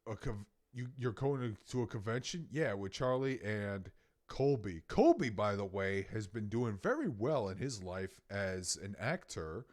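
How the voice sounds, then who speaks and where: A man in his thirties from Louisiana, a podcast co-host telling an animated, profane story in casual chat. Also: on the low side, unhurried.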